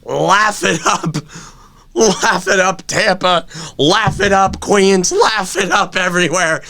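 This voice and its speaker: Man, high lively voice, bright and gravelly, exasperated sports rant, hoarse. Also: takes it slowly. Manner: exasperated ranting, shouting and laughing in disbelief. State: voice going hoarse. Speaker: podcast host. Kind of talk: casual sports chat.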